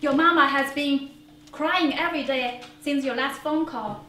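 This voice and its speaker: A woman's voice: high-pitched, a little slow, pushed and bright. A woman playing a worried father on the phone, in a plain, earnest storytelling manner, on a small theater stage. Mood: concerned. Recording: roomy theater, distant mic, faint hiss.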